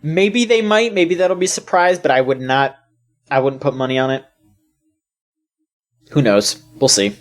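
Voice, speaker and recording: A woman's voice: deep voice, a little slow, long pauses. A woman co-hosting a casual video game podcast, rambling with lots of fillers and restarts. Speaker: podcast co-host.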